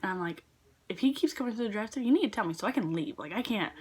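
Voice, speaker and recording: A woman's voice: medium pitch, expressive, racing, slightly rough. A teenage girl casually telling work stories in a vlog, chatty with lots of fillers, sometimes dropping to a whisper. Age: teens. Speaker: vlogger.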